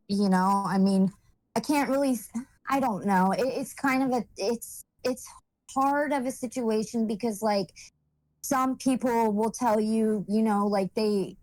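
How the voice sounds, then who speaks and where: A young woman speaks in a mid-pitched voice, halting often as she searches for words. She sounds emotional and close to tears as she shares her story. The sound is dry, with no room echo. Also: a little mellow. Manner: emotional, holding back tears. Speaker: vlogger telling her life story. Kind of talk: personal testimony, casual monologue.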